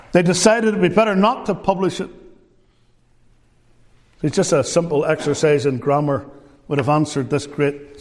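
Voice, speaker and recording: A man's voice: on the high side, a little mellow, big-room sound. A man preaching a sermon, telling stories with emphasis. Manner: storytelling, emphatic.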